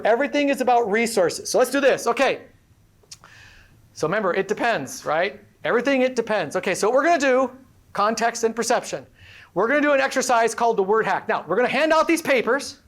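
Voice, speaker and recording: Energetic woman workshop presenter with a high voice, playful, quizzes the crowd. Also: a little fast. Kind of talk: interactive workshop talk to a live audience. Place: live event before an audience.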